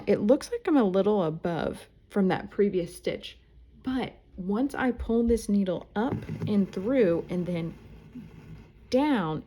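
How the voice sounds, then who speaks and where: A woman with a mid-range voice and dark tone teaches embroidery indoors at home, chatting casually as she stitches. She's talkative and pokes fun at herself.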